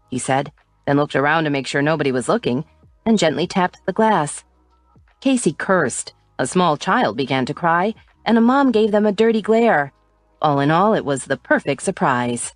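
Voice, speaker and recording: A woman reads an audiobook in a low, even voice. The recording is dry and close, with soft music in the background. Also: moderate pace, no room sound. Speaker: audiobook narrator. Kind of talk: scripted audiobook narration.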